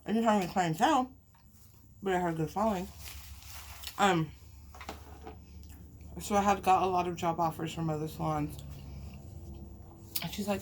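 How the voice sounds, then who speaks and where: A woman's voice: on the low side, moderate pace, pauses often, slight background noise. A young woman vlogger telling a personal story in casual chat while eating, emotional and chatty, sighing and laughing often. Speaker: mukbang vlogger.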